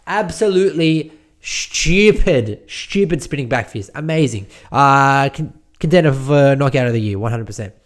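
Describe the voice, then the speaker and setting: A man's voice: medium pitch, animated, moderate pace. An Australian man hosting a podcast on his own, talking in a casual, rambling and jokey way with lots of fillers and restarts. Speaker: podcast host. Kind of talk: casual solo podcast recap.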